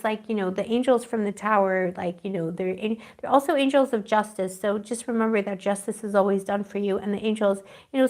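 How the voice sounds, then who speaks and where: A mid-range female voice belongs to a tarot reader doing a live-streamed reading. She rambles warmly, uses pet names for her viewers, and drifts dreamily as she searches for words.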